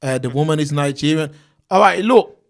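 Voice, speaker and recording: A man's voice: fairly high pitch, expressive, moderate pace, creaky. A man, hosting a casual livestream and reading viewers' names and comments aloud in street slang. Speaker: livestream host reading chat.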